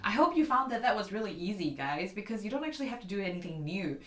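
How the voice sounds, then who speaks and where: A woman with a mid-range, sing-song voice talks fast as she leads a casual online piano lesson. She addresses viewers as "guys" and scats rhythms aloud in an echoey room with a piano.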